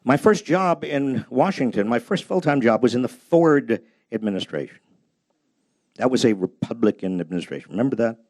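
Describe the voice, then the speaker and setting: A man's voice: mid-range voice, expressive, moderate pace, no echo. An older man giving a humorous, anecdote-filled talk about his book at a public library, storytelling with a self-deprecating edge. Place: public library event space.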